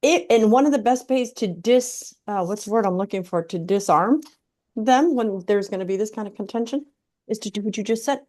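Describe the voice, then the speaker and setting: A woman's voice: medium pitch, darkish tone. A woman hosting a casual interview, chatty and affirming as she responds to her guest. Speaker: podcast host.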